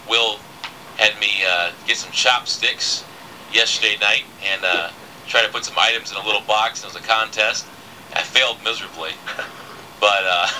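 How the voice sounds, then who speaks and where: Chatty bright-voiced male radio host. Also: lowish voice, a little hiss or hum, low-quality recording. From southern United States. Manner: chatty, many fillers and restarts. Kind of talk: casual radio interview.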